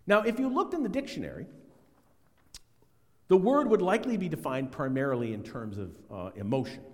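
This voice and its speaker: A middle-aged man preaching a sermon, telling stories and acting out quotes in a lively way. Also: fairly high pitch. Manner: animated storytelling, acts out quotes. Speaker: pastor. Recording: long hall reverb.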